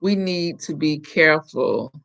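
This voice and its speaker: A woman's voice: low-pitched, lively intonation, a little slow, creaky, a bit bright. Chatty middle-aged woman from Florida, storytelling. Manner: chatty storyteller, acts out quoted voices. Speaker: live-stream host. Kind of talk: casual chat with viewers.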